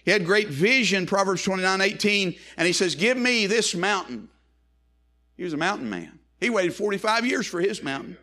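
A man preaching a sermon, swinging from hushed, low lines to ringing, raised ones.

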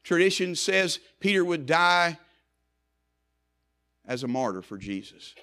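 This man's sermon is impassioned and a little slow, with big swings in pitch. He builds to loud emphasis, falls to hushed low passages, and repeats phrases for effect.

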